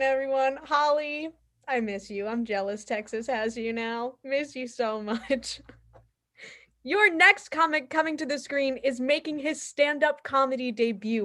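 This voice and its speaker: High-voiced, gushing woman host. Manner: gushing, excited introductions. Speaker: show host. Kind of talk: live comedy show hosting.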